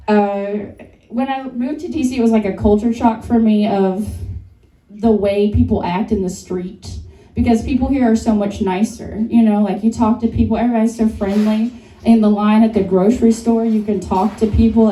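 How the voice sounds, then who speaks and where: A woman's voice: mid-range voice, mellow. A young woman doing a stand-up comedy set, self-deprecating and often laughing at her own jokes. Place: comedy bar stage. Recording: echoey club sound from a distance.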